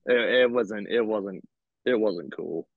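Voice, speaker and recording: Metal singer guy telling stories on a podcast, raspy low voice, dry muffled audio. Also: slow, dry recording. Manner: animated storyteller, laughs between lines. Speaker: metal band vocalist, guest. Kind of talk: casual chat. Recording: dull lo-fi sound.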